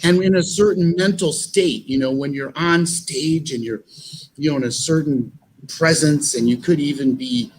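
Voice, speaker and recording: Brief: talkative man guest, fairly high voice, rambling storyteller, faint hiss behind. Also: moderate pace, a little mellow, rough recording. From United States. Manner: rambling, with many fillers and restarts. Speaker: actor and musician guest. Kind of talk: animated storytelling in an interview.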